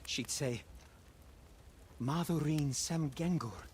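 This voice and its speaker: An actor voicing a gentle, fussy male dwarf smith in a video game, soft-spoken and wistful. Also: fairly high pitch, slow, slight background noise.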